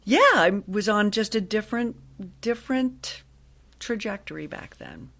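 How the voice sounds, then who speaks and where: A woman in her sixties from Ohio, a guest telling stories in a chatty, lively way with frequent laughs. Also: medium pitch, unhurried, creaky. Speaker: guest, actress and voiceover artist. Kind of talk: casual interview storytelling.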